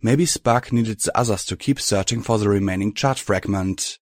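Low-voiced man reading a story. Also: normal speed, no room sound, studio quality. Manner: steady first-person storytelling. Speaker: narrator. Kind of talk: audiobook reading of fan fiction.

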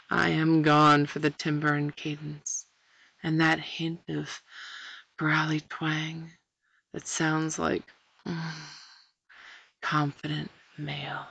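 Slow, gravelly-voiced woman narrating sultrily. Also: low-pitched, dry recording. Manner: sultry, breathy, dropping into whispers. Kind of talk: first-person erotic story reading.

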